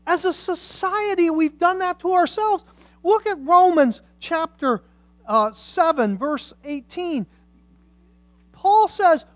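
A woman preaching a sermon with passion, swinging from hushed lines to loud, emphatic ones. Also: very high voice, slow pace, no room sound.

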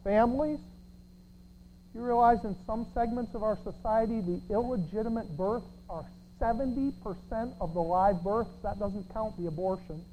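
A pastor preaching a sermon, sarcastic, swinging from shouts to quiet asides. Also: mid-range voice, moderate pace, slight background noise, low-quality recording. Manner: sarcastic, swinging between shouts and near-whispers.

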